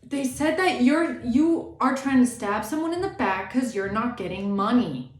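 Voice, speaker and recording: A woman's voice: fairly high pitch, animated, a little slow, echoey room, slight background noise. A woman tarot reader giving a blunt, indignant reading and swearing freely.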